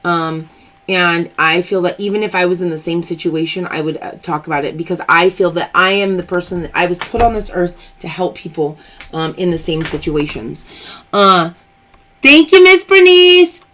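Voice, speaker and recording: A woman's voice: lowish voice, steady tone, normal speed, a bit bright. A woman hosting a live stream, chatting openly and emphatically as she answers viewer comments. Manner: chatty and emphatic, open about personal matters.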